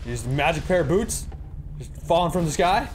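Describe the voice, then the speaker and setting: A man's voice: a little high, expressive, brisk, a little hiss or hum. Jumpy man commentating a horror game. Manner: jumpy, exclaiming, joking to viewers. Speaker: let's play gamer. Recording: game music behind.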